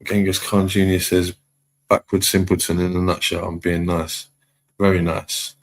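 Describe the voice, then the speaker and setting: Gravelly low-voiced man streaming. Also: normal speed. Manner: relaxed, chatty shout-outs to viewers with chuckles. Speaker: live streamer. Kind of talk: casual live-stream chat, reading out comments.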